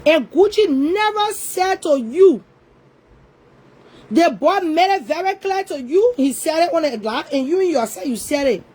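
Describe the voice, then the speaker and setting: High-voiced scolding woman. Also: animated, measured pace, a little mellow, low-quality recording. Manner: scolding, repetitive, confrontational. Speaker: online commentator. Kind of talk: ranting social media commentary.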